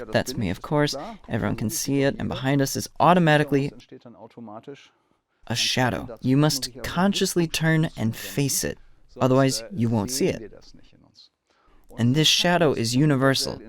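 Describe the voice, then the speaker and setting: German-accented man lecturing on the psyche. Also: mid-range voice. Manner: storytelling, acts out dialogues. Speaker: therapist and lecturer. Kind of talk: lecture to an audience.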